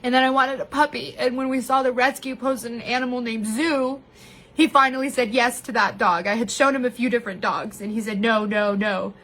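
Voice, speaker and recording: A woman with a high voice shares a heartfelt personal story on a live stream. She talks openly and candidly to her viewers, laughing often as she goes. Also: fairly even intonation, fairly quick, fairly bright tone. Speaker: vlogger sharing personal story. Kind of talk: emotional live-stream monologue.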